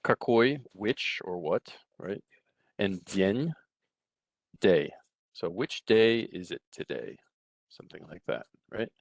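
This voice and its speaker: A middle-aged man giving a recorded language lecture from a textbook, relaxed, often checking in with "right?" and restarting his sentences. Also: lowish voice, slow pace, long pauses, dry recording. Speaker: Russian language teacher.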